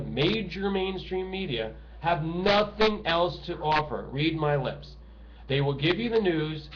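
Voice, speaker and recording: A middle-aged man delivering a bitter, profane monologue to camera, swinging between shouting and hushed talk. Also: on the high side. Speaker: political video ranter. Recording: dull lo-fi home recording with noise.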